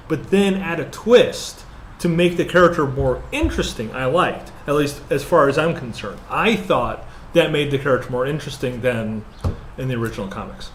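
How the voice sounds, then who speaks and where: A man co-hosting a casual movie review chat, rambling and hesitant with lots of fillers, then growing animated. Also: a little high, a little hiss or hum. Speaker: podcast co-host.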